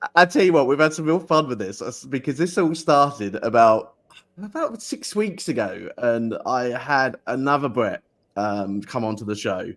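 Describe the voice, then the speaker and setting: A man's voice: medium pitch, expressive, moderate pace, a bit bright. A man from the UK hosting a casual livestream chat over a video call, rambling with many fillers and stock phrases. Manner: chatty, rambling, with fillers and repeated "I tell you what". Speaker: livestream host.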